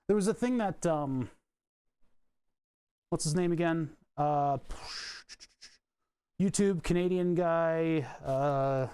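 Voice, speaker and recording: A male streamer talks through a project in his home workshop, rambling and chuckling at his own asides. His voice sits a little higher than most men's. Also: takes it slowly, pauses often, warm tone, clean tone, no echo. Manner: rambling, self-amused, chuckles often. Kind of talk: casual live-stream chat while working.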